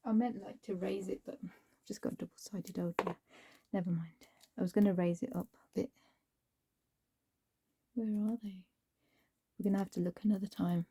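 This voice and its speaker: A woman's voice: mid-range voice, fairly even intonation, normal speed, gravelly, long pauses, warm tone, breathy edge, no room sound. A woman chatting to herself as she crafts, often dropping into a whisper. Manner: chatty, talks to herself while working, drops into whispers. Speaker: crafting vlogger. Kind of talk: casual crafting commentary.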